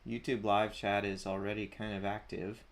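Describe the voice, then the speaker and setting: Male streamer, low-pitched, casual chatty host reading comments into a desk mic. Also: level tone, moderate pace. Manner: chatty, chuckling, reads usernames aloud. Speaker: livestream host. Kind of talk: casual livestream chat, reading chat aloud. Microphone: desk mic at a streaming setup.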